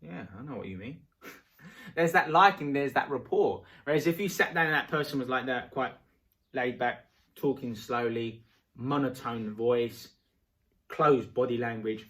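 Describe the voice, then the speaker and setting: A man teaching about rapport in a casual, animated way, acting out short dialogues. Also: medium pitch, measured pace. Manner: animated, acts out little dialogues. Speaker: self-help coach.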